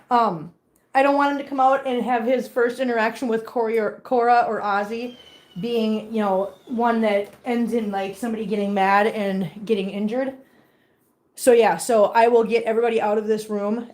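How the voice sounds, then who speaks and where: A woman's voice: a little high, fairly even intonation, moderate pace, darkish tone. A woman chatting casually at home, talking doting baby talk to her cats and chatty asides to her viewers. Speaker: cat owner vlogger. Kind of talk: casual chat to pets and viewers.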